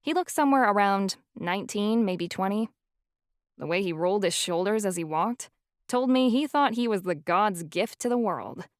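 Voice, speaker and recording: A woman narrating a first-person audiobook with a mid-pitched voice. She tells the story in an even, wry way. The sound is close and dry. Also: normal speed, no echo.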